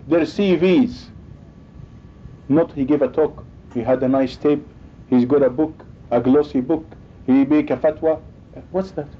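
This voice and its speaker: High, lively-voiced male preacher. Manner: emphatic, acts out quoted dialogue. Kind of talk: sermon. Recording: dull lo-fi recording with faint rumble.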